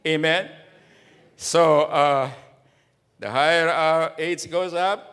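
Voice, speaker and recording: A man's voice: on the high side, steady tone, takes it slowly, a bit bright, clear, resonant tone. A man in his seventies preaching a sermon to his congregation, emphatic and full of rhetorical questions. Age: 70s. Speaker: pastor.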